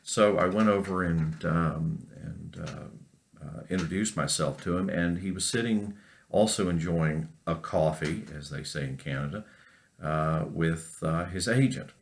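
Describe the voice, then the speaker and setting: A man from North Carolina, a professor giving a recorded class lecture, telling an unhurried story with many fillers. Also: sits low, vocal fry, a little hiss or hum.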